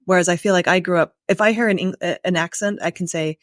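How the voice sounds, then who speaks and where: A woman's voice: fairly low pitch, fairly even intonation, fast talker, no echo, clean studio sound. An American woman from the United States hosting a podcast interview, conversational and thinking aloud. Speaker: podcast host.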